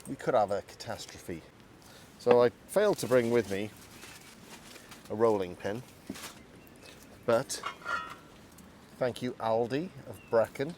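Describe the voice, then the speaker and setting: A man's voice: mid-range voice, expressive, takes it slowly, long pauses, a little mellow, a little hiss or hum. A man hosting an outdoor cooking vlog, chatty and self-deprecating as he talks through each step. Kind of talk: casual cooking vlog narration. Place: outdoors in woodland.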